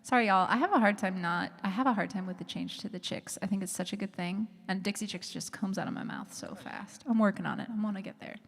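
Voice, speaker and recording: A woman co-hosting a podcast in casual live-stream chat, chatty and quick to laugh. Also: mid-range voice, gravelly. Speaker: podcast co-host. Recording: long hall reverb.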